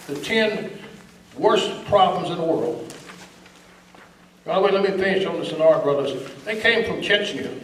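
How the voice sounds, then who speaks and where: A guest speaker with a fairly high voice addresses a political meeting, emphatic and scornful. He's recorded from a distance across an echoey room, with faint background noise.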